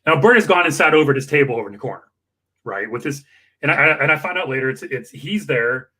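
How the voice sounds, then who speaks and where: Animated husky man telling a story. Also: mid-range voice, fast talker. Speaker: campaign worker guest. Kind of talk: storytelling anecdote.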